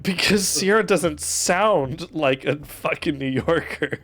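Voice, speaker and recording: A man's voice: a little high, takes it slowly, fairly bright tone, soft background music. A man with a neutral American accent running a tabletop game on a live stream, joking, swearing and laughing often. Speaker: game master. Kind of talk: casual banter on a stream.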